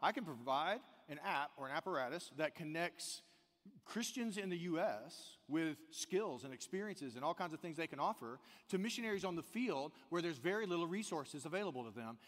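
A man from the American South preaching a sermon in a church, animated, swinging between loud emphasis and quiet intensity. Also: fairly high pitch, a little fast. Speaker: pastor. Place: church sanctuary. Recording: long hall reverb.

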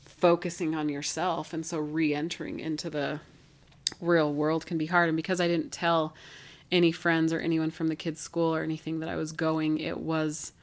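A woman's voice: deep voice, flat delivery, normal speed. A woman speaking as a podcast guest, telling a personal story in a candid, chatty way, with frequent "like" fillers as she retells what others said.

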